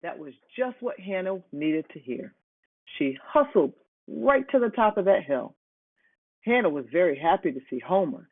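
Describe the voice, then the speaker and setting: A reader slowly and playfully reading a children's picture book aloud. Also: mid-range voice, husky, dry recording. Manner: slow, animated, playful. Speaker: storybook reader. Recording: tinny phone-like, dry.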